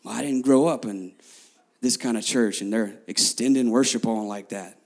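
A man in his thirties, a pastor preaching a sermon to his congregation, telling stories lively, repeating phrases and talking straight to the crowd. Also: mid-range voice, normal speed. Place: church before a congregation.

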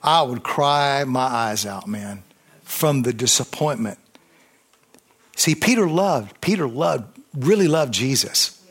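A man preaching a sermon, fervent, with call-and-response and swings between loud emphasis and quiet intensity. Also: medium pitch, animated, slow, breathy edge.

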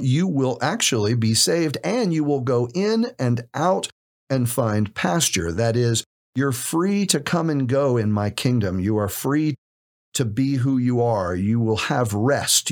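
A man's voice: medium pitch, expressive, slow pace. A man co-hosting a podcast, teaching from scripture in an emphatic, conversational way and asking rhetorical questions. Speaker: podcast co-host and preacher.

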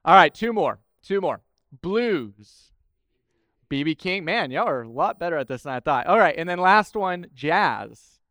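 Male pastor, high voice, chatty then emphatic sermon, dry close sound. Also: lively intonation, unhurried, a bit bright, no echo. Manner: conversational and playful, building to emphatic repetition.

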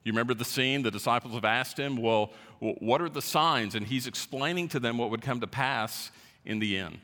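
A man's voice: mid-range voice, brisk, pushed and bright. A man preaching a sermon as pastor, teaching verse by verse and stressing key words. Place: church sanctuary. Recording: reverberant hall.

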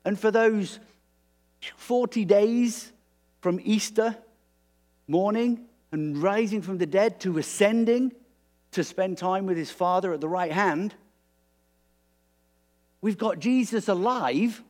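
A man preaching a sermon in a relaxed, conversational way, animated and prone to restarts. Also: sits high, slow, long pauses.

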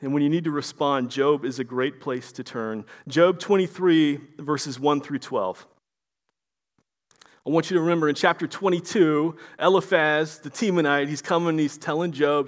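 A man's voice: fairly high pitch, moderate pace. A man preaching a sermon in an earnest, conversational way, sometimes stammering on repeated words.

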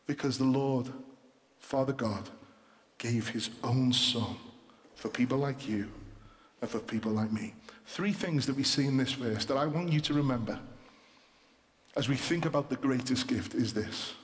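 Man, pastor, emphatic sermon delivery, repeated phrases, long hall reverb. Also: medium pitch. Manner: emphatic, repeats points, slows for stress.

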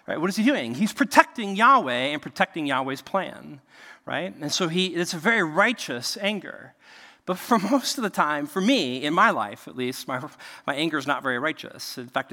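A man in his thirties preaching a sermon in a conversational, animated way, often checking in with his listeners. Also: fairly high pitch, big-room sound. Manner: conversational and animated, frequent "right?" asides. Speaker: pastor.

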